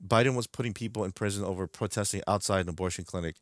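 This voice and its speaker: Talking fast with few pauses, a New York streamer in his home streaming room rants, furious and profane, repeating himself. His voice is on the low side, animated and fairly bright, recorded close and dry with no room sound.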